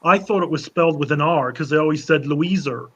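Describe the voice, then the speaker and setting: A man's voice: on the high side, quick pace, muffled recording. A man from Cornwall playing as a quiz contestant, chatty and teasing.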